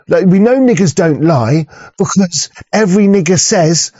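A man's voice: on the high side, expressive, normal speed, warm tone, husky, no echo. English guy ranting on and on, swears a lot, keeps restarting, dull dry sound. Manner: rambling, stammering restarts, heavy swearing. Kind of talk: profane rambling monologue. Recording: dull, dry muffled audio.

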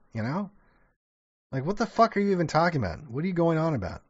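The voice is a fairly high-pitched man, talking loosely and sarcastically with plenty of swearing. He goes back over his own sentences and restarts them often. The audio is dull and lo-fi. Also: expressive, fast talker, a bit bright. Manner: rambling, profane, sarcastic, with many restarts. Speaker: commentator reacting to an old TV show. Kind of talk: casual reaction commentary.

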